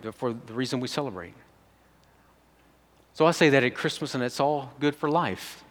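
A male pastor gives a conversational sermon and puts direct questions to the congregation. His voice is mid-pitched and steady. A long reverb from the church hall trails his words. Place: church sanctuary.

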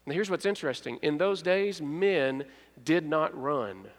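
A man delivers a storytelling sermon in a church sanctuary, and his voice sits noticeably high for a man. The sound carries a long hall reverb. He acts out characters' lines and drops to hushed tones at key moments. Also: lively intonation, measured pace. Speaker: pastor.

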